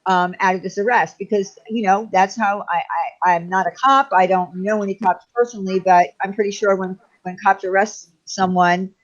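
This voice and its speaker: A woman's voice: mid-range voice, steady tone, moderate pace, hardly any pauses, highs cut off. A woman on a panel call, speaking hesitantly and hedging her points. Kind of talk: casual chat.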